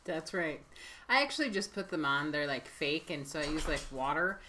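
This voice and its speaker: A woman co-hosts a casual live stream beside her husband. Her voice is low for a woman but swings widely in pitch, and a faint background hiss runs under it. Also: animated, pushed and bright. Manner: chatty, quick with short agreeing replies. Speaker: co-host, host's wife.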